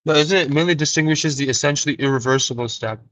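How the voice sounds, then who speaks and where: A man's voice: fairly high pitch, fast talker, fairly bright tone, no echo. A young man, a study partner, giving short, hesitant answers and asking follow-up questions in a casual study session.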